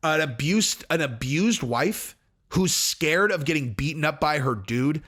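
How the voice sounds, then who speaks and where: A man's voice: fairly high pitch, a little slow, fairly bright tone. A man hosting casual commentary, talking in an emphatic, rambling way with frequent restarts. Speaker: host.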